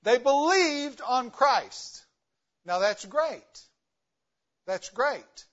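A guest missionary preacher delivers an emphatic sermon in a church, packing it with rhetorical questions and varying his loudness for stress. His voice is very high and animated, and he speaks very slowly. The audio sounds dull.

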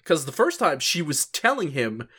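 A man's voice: fairly high pitch, big pitch swings, normal speed, pushed and bright, breathy edge. A man in casual podcast chat, recapping an anime episode, laughing often and acting out the characters' quoted lines.

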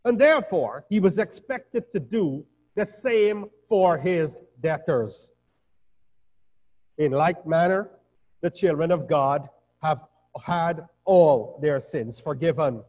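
Male pastor, slightly high voice, lively measured preaching; dull, reverberant hall recording. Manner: measured preaching with rising emphatic peaks. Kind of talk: sermon.

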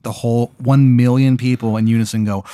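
A podcast host improvises a comic hypothetical, rambling, swearing, using plenty of fillers and putting on silly voices. His mid-range voice is brisk and steady with a dark, clean tone. The studio sound is clean with no echo.

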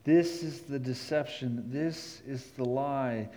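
A man preaching a sermon, rising to emphatic peaks and dropping low and slow to read scripture. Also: mellow, rough recording. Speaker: pastor.

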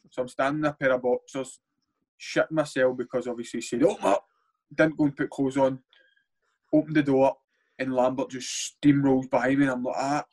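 A young Scottish man, a footballer by trade, spins stories in loose casual chat. He gets animated, swears freely and acts out what others said to him. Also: mid-range voice. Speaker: footballer guest. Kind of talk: casual storytelling.

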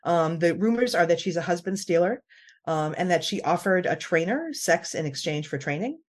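A woman with a slightly low voice hosts a podcast in a relaxed, chatty way. She laughs often and breaks up her sentences with fillers and restarts. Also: normal speed. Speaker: podcast host. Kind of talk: casual chat.

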